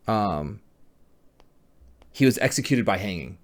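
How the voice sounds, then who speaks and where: Male history teacher, mid-pitch, casual lecturing with frequent restarts and self-corrections. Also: expressive, normal speed.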